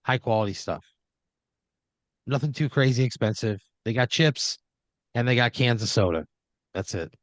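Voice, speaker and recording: A man's voice: medium pitch, lively intonation, moderate pace, long pauses, dry recording. A man hosting an improv podcast, narrating a scene in second person with a loose, rambling manner full of "like" and "you know.". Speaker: host running the improv story.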